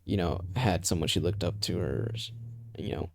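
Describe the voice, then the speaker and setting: A man's voice: low-pitched, normal speed, gravelly, no echo, clean studio sound. A young man telling a personal story in a loose, rambling way, swearing often and leaning on filler phrases. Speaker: vlogger. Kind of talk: casual storytime.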